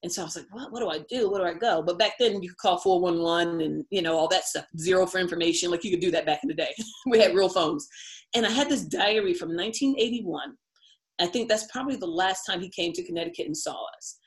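A woman's voice: lowish voice, fast. A middle-aged woman from the United States, an interview guest telling a personal story, chatty and laughing often.

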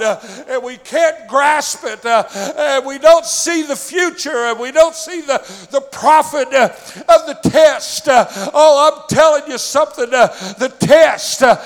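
High, gravelly preacher in a hall. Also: male voice. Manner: builds from quiet storytelling to shouting, with frequent "uh" fillers. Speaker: pastor. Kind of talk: sermon testimony. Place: church.

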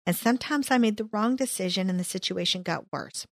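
A woman's voice: medium pitch, fairly quick, creaky, no echo, clean studio sound. A woman leading a casual Bible study, reading verses aloud and adding her own comments. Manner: reads verses then comments, playful asides.

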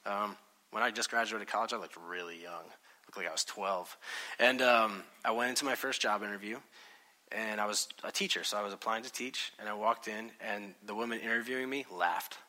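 A pastor in his thirties preaches to a congregation in a church hall, his lowish voice fairly quick, pushed, and bright. He tells stories conversationally and acts out the quotes.

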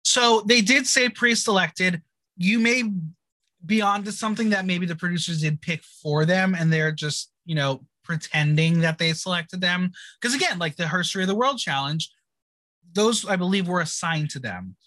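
A podcast host recaps an episode in casual chat, a man with a high-sitting, bright voice. He is quick and playfully sarcastic, and the sound is close and dry. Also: expressive, no echo.

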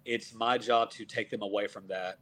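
A man from Texas, a wrestler in his thirties, telling stories in a casual, animated way and acting out what people said. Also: lowish voice, moderate pace. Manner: animated, acts out quoted dialogue. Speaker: professional wrestler guest. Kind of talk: casual storytelling.

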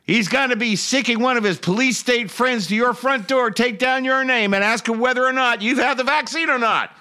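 A man's voice: very high voice, normal speed, bright, forceful tone, smooth, voice pushed up. A man voicing a brash, folksy congresswoman with an American Southern accent, speechifying to a crowd.

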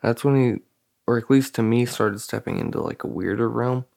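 A man's voice: mid-range voice, normal speed, gravelly, darkish tone. A young man co-hosting a casual podcast chat, loose and profane, with many fillers. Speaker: podcast co-host.

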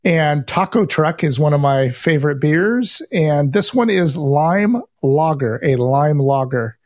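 Easygoing guy on a podcast, voice a bit on the high side. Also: expressive, measured pace, a little mellow. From Northern California. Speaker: podcast co-host. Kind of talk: casual chat.

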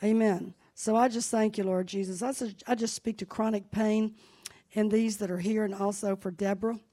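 In a mellow, medium-pitched voice held steady at normal speed, a church leader talks through her family's news in an anecdotal, chatty way. The conversational sermon with testimony, given in a sanctuary, swells into fervent prayer.

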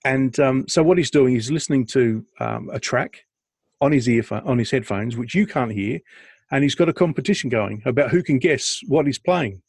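This podcast co-host chats casually on a video call, spinning stories in a rambling, joking manner full of restarts and laughing fits. He speaks at medium pitch and normal speed, his darkish tone carrying a breathy edge, and there's no echo.

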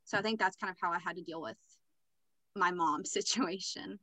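A woman's voice: on the low side, moderate pace, pushed and bright, no room sound, rough recording. A young adult woman telling a personal story as a podcast guest, candid and matter-of-fact. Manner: candid, matter-of-fact recounting with filler words.

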